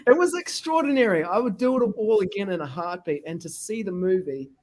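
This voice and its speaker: A man's voice: high voice, fairly quick. A man hosting a podcast interview, telling stories animatedly and acting out the people he quotes. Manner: animated storyteller who acts out quoted people. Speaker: podcast host. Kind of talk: casual interview chat.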